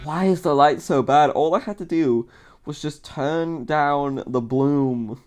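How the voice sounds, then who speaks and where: A man's voice: medium pitch, moderate pace, darkish tone, faint music behind. A man streaming live, rambling in casual commentary, mocking himself, laughing often and swearing.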